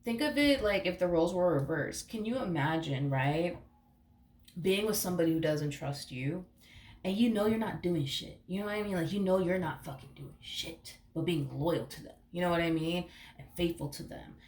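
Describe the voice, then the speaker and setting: A woman's voice: on the low side, animated, normal speed, a little mellow, reverberant. A woman giving a casual, rambling tarot reading, emphatic and searching for words, swearing now and then. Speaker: tarot reader.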